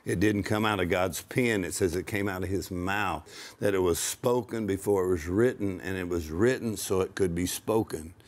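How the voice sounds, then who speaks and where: A low-pitched man preaches conversationally and emphatically, slowing down when he quotes scripture and laughing now and then.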